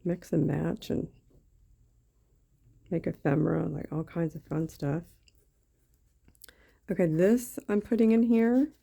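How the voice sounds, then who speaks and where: A woman's voice: on the low side, slow pace, creaky, pauses often, mellow, husky. A woman chatting casually as she crafts on camera, thinking aloud with lots of fillers. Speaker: craft YouTuber. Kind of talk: casual craft-along chat.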